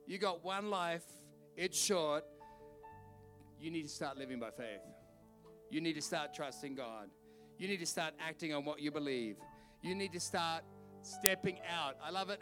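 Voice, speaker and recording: Australian male pastor, high voice, animated storytelling preacher, faint music behind. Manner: animated, conversational, exhorting. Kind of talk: sermon with personal storytelling. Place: church service.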